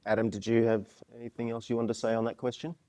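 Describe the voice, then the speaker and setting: A man's voice: medium pitch, flat delivery, fast talker, mellow. Encouraging man co-hosting a podcast. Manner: encouraging, upbeat, asks follow-up questions. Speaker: podcast co-host. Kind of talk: casual discussion with children.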